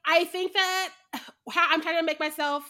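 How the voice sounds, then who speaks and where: High, bright, animated woman chatting. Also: normal speed. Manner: animated, acts out quotes, swears, laughs often. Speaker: podcast co-host. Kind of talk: casual chat.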